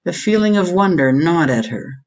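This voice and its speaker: A woman reading a historical novel aloud as audiobook narrator, in an even, measured way. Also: fairly low pitch, far from the mic, muffled recording. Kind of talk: scripted narration.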